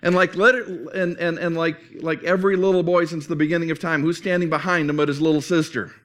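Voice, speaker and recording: Earnest high-voiced man preaching. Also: level tone, fast, fairly bright tone. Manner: conversational, earnest, with restarts. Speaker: pastor. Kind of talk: sermon.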